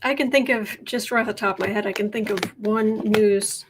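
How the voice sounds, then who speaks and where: A woman hosting a tarot and politics livestream, talking casually with viewers, halting and restarting often as she thinks aloud. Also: medium pitch, steady tone, a little hiss or hum. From United States.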